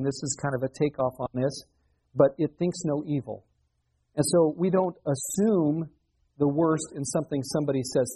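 Middle-aged male pastor, mellow and slightly husky, conversational sermon delivery. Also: fairly high pitch, poor audio. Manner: conversational preaching with rhetorical questions.

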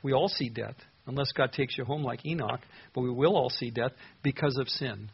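Husky-voiced male preacher, earnest. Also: mid-range voice, normal speed, dull audio. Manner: earnest, reads scripture aloud and comments. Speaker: pastor. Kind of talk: sermon.

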